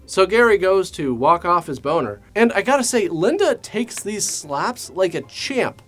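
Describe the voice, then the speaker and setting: A man hosting a comedic movie review, talking with sarcastic, deadpan asides. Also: high-pitched, measured pace, hardly any pauses, soft background music.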